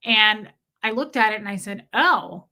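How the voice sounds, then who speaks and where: A woman's voice: mid-range voice, animated, a little slow, bright, forceful tone. A woman hosting a livestream, telling personal stories bluntly and reading viewer comments aloud. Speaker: livestream host. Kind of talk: casual livestream storytelling.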